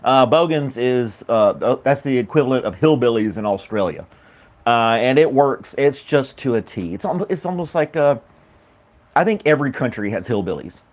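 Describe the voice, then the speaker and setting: A man's voice: medium pitch, expressive, normal speed, a little mellow. A man from the United States hosting a casual morning talk show, rambling and laughing often, with many fillers. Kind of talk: casual chat with live chat viewers.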